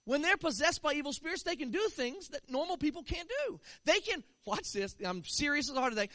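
A man preaching a sermon in an animated way, sometimes rising into shouts. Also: very high voice, brisk, dry recording.

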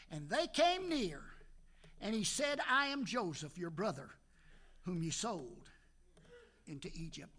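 A man's voice: sits high, sharp tone. An older man preaching a folksy sermon in a church, joking with the congregation and calling out amen between Scripture readings and prayer. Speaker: pastor. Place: church sanctuary.

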